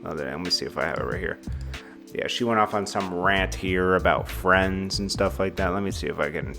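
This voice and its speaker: Low-voiced man chatting through celebrity news. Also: fairly quick, vocal fry, sharp tone, faint music behind. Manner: laid-back, amused, chuckling asides. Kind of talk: casual commentary.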